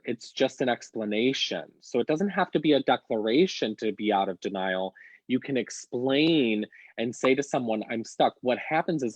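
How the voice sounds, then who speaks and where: A man's voice: medium pitch, no echo. Male co-host, earnest and rambling, dry muffled sound. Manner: earnest, rambling with restarts, addresses listeners. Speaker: podcast co-host. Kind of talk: casual podcast conversation.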